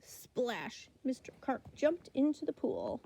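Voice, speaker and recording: Expressive woman reading a storybook. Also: high voice, takes it slowly, gravelly, background noise. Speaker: storybook reader. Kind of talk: reading a children's picture book aloud.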